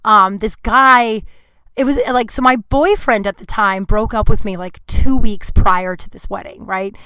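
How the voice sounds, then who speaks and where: A woman's voice: medium pitch, steady tone, a little slow, pushed and bright, clean tone, no room sound. A young woman comedian hosting her podcast, telling a long, rambling, self-deprecating story full of swearing.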